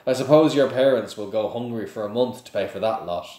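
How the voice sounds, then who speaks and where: A man's voice: medium pitch, brisk, warm tone, echoey room, natural voice. A man reading aloud voices a sneering, spoiled rich schoolboy who drawls his taunts.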